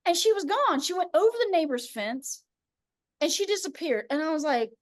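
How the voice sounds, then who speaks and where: A woman hosting a casual spiritual chat, telling stories in an animated way and acting out the voices of people she quotes. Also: extremely high pitch, moderate pace, no echo, clean studio sound. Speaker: host.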